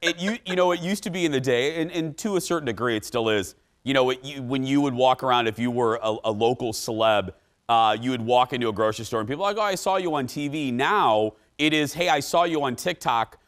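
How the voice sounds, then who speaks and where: A man hosting a talk show, who introduces segments in a quick, upbeat way and chats casually with a guest. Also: medium pitch. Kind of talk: casual chat.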